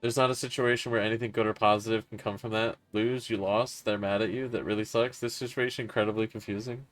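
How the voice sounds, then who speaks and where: A man's voice: lowish voice, fairly even intonation, quick pace, no room sound, faint music behind. A man streaming a horror game live, talking frankly and swearing as he mulls over a confusing match. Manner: frank, swearing, puzzled and self-critical. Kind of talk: casual gameplay commentary.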